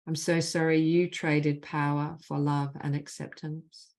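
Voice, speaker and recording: A woman leading a spiritual group call over video, slowly and deliberately speaking repeated healing phrases. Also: deep voice, level tone, creaky, a little mellow. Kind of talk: guided clearing session with spoken healing phrases.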